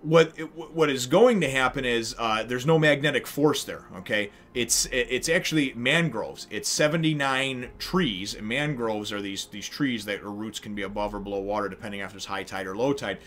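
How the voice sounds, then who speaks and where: A man hosting a casual comic review, talking in an excitable, rambling way and swearing freely. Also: mid-range voice, normal speed, few pauses. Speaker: comic reviewer and channel host.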